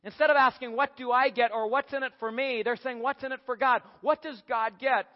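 A high-pitched man preaching a sermon with emphatic swings, rising to near-shouts and dropping low. The recording is muffled and carries a long hall reverb, as if captured in a church sanctuary. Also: fairly even intonation, fairly quick.

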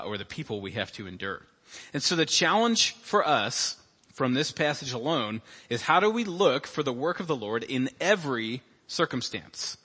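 A male pastor preaches in a loose, conversational style, slipping in asides and voicing imagined people. His tone is bright and forceful. The sanctuary gives his voice a long, ringing reverb. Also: mid-range voice, husky. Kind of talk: sermon. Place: church sanctuary.

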